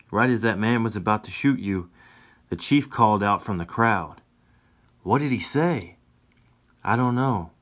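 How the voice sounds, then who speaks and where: A man's voice: fairly low pitch, a bit bright. A man voicing a young pregnant frontier woman who speaks up earnestly with a raised voice.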